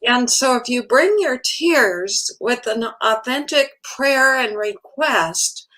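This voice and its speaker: A woman guest, a hospice chaplain, explaining things in a calm, measured, instructive way. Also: a little high, rough recording. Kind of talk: talk show interview.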